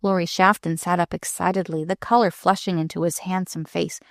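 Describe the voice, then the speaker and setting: A woman narrating an audiobook in a lively, expressive reading. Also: lowish voice, fairly quick, gravelly, no echo, clean studio sound.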